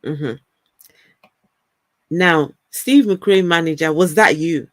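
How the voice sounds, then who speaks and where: A woman's voice: low-pitched, takes it slowly, fairly bright tone, dry recording. A woman from Africa with a mixed African and British accent, hosting a casual livestream and chatting with her viewers. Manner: chatty, repeats words, laughs often. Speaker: livestream host. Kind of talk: casual livestream chat reading comments.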